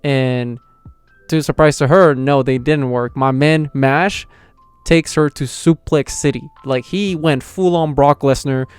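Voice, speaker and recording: A young man tells the story of an episode with hyped, slang-heavy energy, jumping from beat to beat. His voice is smooth and resonant at a mid pitch. Soft music plays faintly beneath him. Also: fairly even intonation, measured pace, no room sound. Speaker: anime reviewer. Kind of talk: casual reaction recap.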